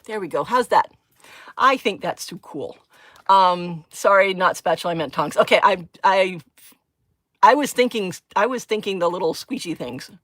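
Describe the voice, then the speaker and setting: A chatty woman talks through her crafting on a live stream, with a bright, sharp-edged tone. She giggles often and drifts between thinking aloud and answering her viewers' comments, all at an easy, casual pace from her craft desk. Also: medium pitch, expressive, moderate pace, dry recording.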